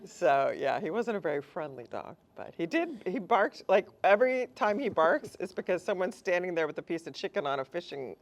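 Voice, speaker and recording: A woman's voice: lowish voice, very animated, fairly quick, few pauses. A woman screenwriter at a live cinema event, telling wry anecdotes with dry humor. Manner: wry, dry humor, quotes others in playful voices. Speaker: screenwriter guest. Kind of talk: casual conversational interview. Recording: live event with audible crowd.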